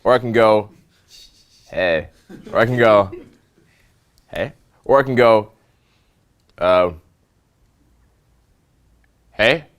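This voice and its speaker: A man with a fairly low voice leads a live seminar on social skills. He teaches in an animated, demonstrative way, acting out examples and checking in with the room with quick "okay?" and "right?" prompts. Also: clear, resonant tone. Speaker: dating and social skills coach.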